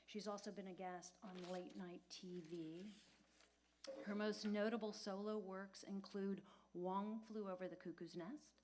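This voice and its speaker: A woman stands at the front and introduces the host, reading a formal bio at a measured pace. Her voice sits at a middling pitch and stays even and composed. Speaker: event introducer. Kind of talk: read introduction.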